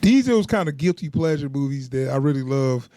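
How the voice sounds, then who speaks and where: A man's voice: medium pitch, expressive, fairly quick, dark tone, no room sound, clean studio sound. A young man co-hosting a podcast in casual chat, laughing often and rambling in loose slang. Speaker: podcast co-host.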